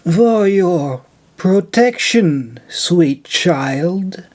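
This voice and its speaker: A man voicing a sly, menacing old woman, speaking slowly in a raised voice. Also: high-pitched, expressive, a little mellow, pitched above the performer's own voice, full character voice. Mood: darkly calm.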